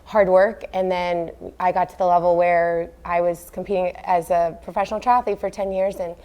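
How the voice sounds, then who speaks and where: A woman in her thirties who was a professional triathlete, talking as an interview guest in an earnest, animated way with many fillers. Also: fairly low pitch, moderate pace. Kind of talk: casual interview talk.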